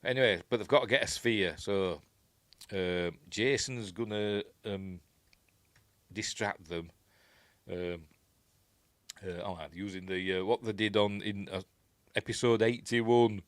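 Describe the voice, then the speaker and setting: A man's voice: lowish voice, steady tone, a little slow, pauses often, dry recording. A man with a Yorkshire accent hosting a casual film commentary, rambling and chuckling as he corrects himself. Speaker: host.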